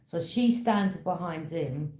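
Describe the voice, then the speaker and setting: Woman, tarot reader, low voice, warm and mellow tone, casual storytelling, roomy echo. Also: animated, slow pace, slight background noise. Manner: conversational, storytelling, knowing. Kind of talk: casual tarot reading monologue. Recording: echoey room.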